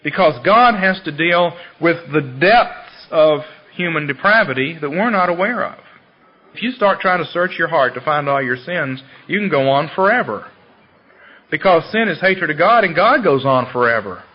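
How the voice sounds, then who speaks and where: A husky man preaches a sermon, reading scripture with swelling intensity and then dropping back to easy, conversational asides. His voice sits a little high for a man. The recording is dull and lo-fi. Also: expressive, moderate pace.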